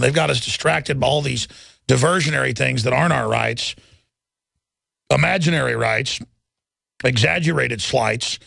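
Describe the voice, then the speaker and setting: A talk radio host man rants emphatically in a heavily gravelly voice. The recording is dry and close, with no room sound. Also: fairly high pitch, a bit bright, no room sound. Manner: emphatic, ranting.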